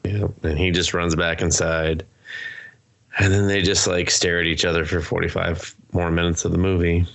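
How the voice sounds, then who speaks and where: A man's voice: little pitch movement, moderate pace, gravelly, a bit bright. A man co-hosting a movie review podcast, chatting casually and acting out scenes in exaggerated voices. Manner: acts out characters in exaggerated high voices, swears, laughs. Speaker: podcast co-host.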